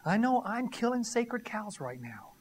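A man's voice: high voice, sing-song, unhurried, a little hiss or hum. Man, pastor, sermon, emphatic, teasing, asks the congregation questions. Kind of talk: conversational sermon.

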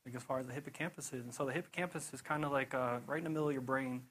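A young man preaching in a loose, chatty way, piling on "you know" and laughing through his own stories. His voice sits at an ordinary middle pitch. A faint hiss of noise runs under the recording. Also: racing, rough recording. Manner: rambling, animated storytelling with frequent "you know" and laughs. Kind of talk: casual sermon testimony.

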